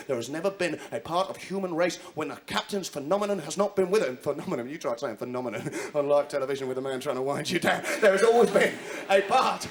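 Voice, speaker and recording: High-voiced ranting comedian. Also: male voice, crowd noise. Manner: fast, ranting, animated. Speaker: stand-up comedian. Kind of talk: stand-up comedy routine. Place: TV studio stage. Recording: live TV studio with loud audience.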